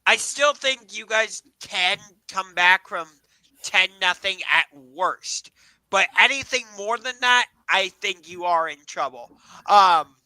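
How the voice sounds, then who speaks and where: A man's voice: high voice, sharp tone, dry recording, rough recording. A man co-hosting a casual sports podcast, talking hesitantly with lots of ums and asking his partner's views. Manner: hesitant, many ums, questioning. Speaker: podcast co-host.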